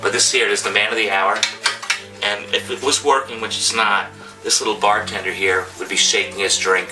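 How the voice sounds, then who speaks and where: A man's voice: lowish voice, steady tone, moderate pace. A man from New York's Hudson Valley, a bartender and collector, telling stories in a rambling, enthusiastic way with many restarts. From Hudson Valley, New York. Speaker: bartender and bar memorabilia collector. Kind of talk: casual storytelling chat. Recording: distant mic with music behind.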